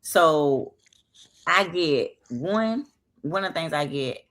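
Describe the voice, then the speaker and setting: A woman in her late thirties with a Southern US accent tells her stories with sass, in a low voice that swoops up and down with lively energy. She talks casually as a guest in an interview, throwing attitude into every aside. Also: slow pace. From American South. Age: 30s. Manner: sassy, animated storytelling. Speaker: guest, bodybuilding competitor.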